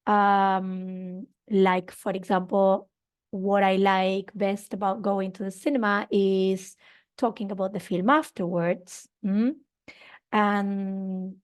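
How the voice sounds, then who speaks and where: A woman's voice: mid-range voice, clear, resonant tone. A woman teaching an online English grammar lesson, explaining patiently with fillers and check-ins, a Spanish speaker teaching in English.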